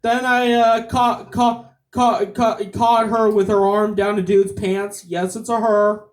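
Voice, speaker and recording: A male stand-up comedian working a club stage. He talks slowly, stumbling through repeated fillers and restarts between punchlines. The sound is live club audio with the mic at some distance. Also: high voice, level tone. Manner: halting, with many repeated fillers.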